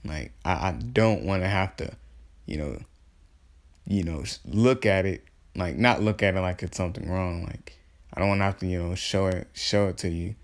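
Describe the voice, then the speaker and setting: A man narrates a worried teenage ninja boy in a spoken fan story. He stumbles and restarts with slangy fillers, in a lowish voice. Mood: hesitant. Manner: halting, hesitant, slangy.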